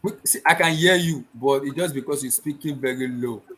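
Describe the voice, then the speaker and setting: A man hosting a casual football podcast, talking excitably and repeating himself. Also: mid-range voice, brisk. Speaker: podcast host.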